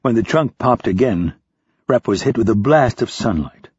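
A man reading a thriller audiobook in steady, expressive scripted narration. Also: medium pitch, moderate pace, husky, no echo. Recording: dry, slightly dull lo-fi.

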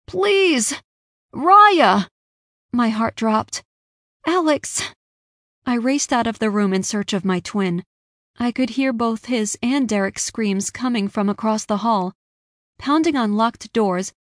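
An audiobook narrator, a woman with a mid-range voice, reads a scripted first-person story expressively and a little slowly. The recording is dry and of studio quality.

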